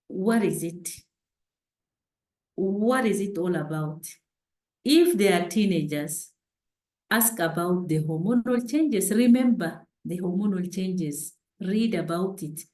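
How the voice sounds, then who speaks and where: Earnest woman, parenting speaker, slow and roomy. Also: lowish voice, warm tone. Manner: earnest, exhorting. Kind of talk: panel talk.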